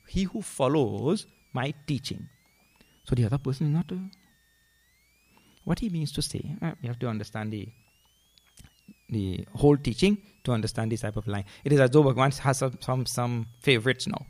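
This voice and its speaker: A man giving a scripture discourse as a spiritual teacher, animated, with questioning tags and chanted verse. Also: medium pitch, normal speed.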